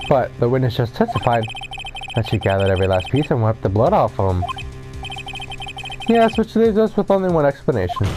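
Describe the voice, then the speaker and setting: Animated man reading courtroom game lines. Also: on the low side. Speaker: let's play reader. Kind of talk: reading game dialogue aloud with commentary. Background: game music.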